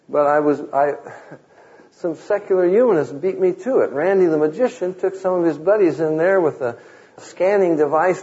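A man's voice: high voice, dark tone. A man preaching a sermon, quoting scripture and telling wry stories in a conversational way. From Southern California. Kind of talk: sermon with humorous anecdotes. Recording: muffled lo-fi recording.

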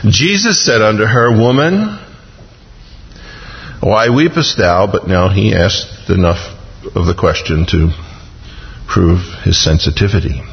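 A man's voice: sits low, lively intonation, a little slow, gravelly. A man preaching a sermon, dramatically acting out biblical scenes with touches of humor. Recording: dull lo-fi recording with long reverb.

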